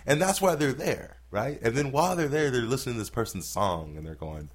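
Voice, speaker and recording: This stand-up comedian talks fairly quickly at a medium pitch, swapping stories in a casual podcast chat. He swears freely and acts out what people said in a profane, animated way.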